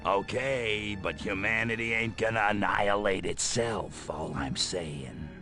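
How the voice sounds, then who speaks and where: Gravelly sarcastic alien trooper. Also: male voice, fairly low pitch, unhurried, bright, forceful tone, soft background music. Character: gleeful violent male alien trooper. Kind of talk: video game dialogue.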